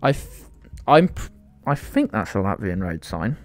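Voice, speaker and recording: A man's voice: lowish voice, big pitch swings, measured pace, soft background music. A young British man streaming a game live, teasing his chat with playful indignation and mock outrage. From United Kingdom.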